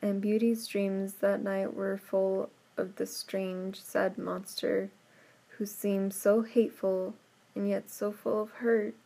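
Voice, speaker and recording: A woman reading a storybook aloud at an unhurried pace. Her tone is mellow and soft, with a fairly even melody that stays calm through the tale. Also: medium pitch, vocal fry. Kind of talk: storybook read-aloud narration.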